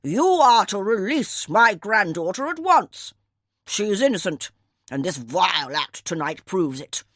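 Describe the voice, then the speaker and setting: A woman's voice: low voice, big pitch swings, takes it slowly, vocal fry, fairly bright tone, slightly rough, no room sound, full character voice. Woman reading stern elderly grandfather, audiobook, formal, indignant, dry close voice. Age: older.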